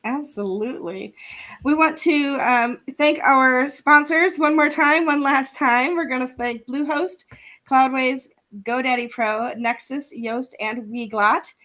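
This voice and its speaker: A woman's voice: high-pitched, takes it slowly, fairly bright tone. Chatty woman hosting a live stream. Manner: chatty, laughs often, sponsor thank-yous. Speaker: event host. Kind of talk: casual live-stream chat. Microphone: remote video call.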